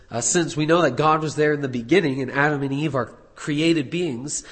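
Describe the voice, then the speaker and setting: A man's voice: on the high side, a bit bright. Man giving a Bible lesson in a reverberant room. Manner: measured, explanatory, with frequent fillers and restarts. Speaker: Bible teacher. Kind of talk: explanatory Bible study talk.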